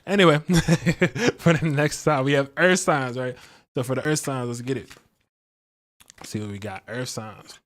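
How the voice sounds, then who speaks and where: A man with a mid-range voice hosts a casual livestream tarot and astrology reading. He's chatty and playful, jokes at his own expense, and fills pauses with "like" and "um."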